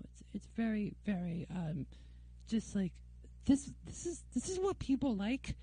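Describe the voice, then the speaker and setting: A woman's voice: on the high side, warm tone, no echo. Ranting New woman, sarcastic. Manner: opinionated, rambling, sarcastic. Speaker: vlogger. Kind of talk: ranting casual monologue to camera. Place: dim indoor room during a work break. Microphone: camera mic.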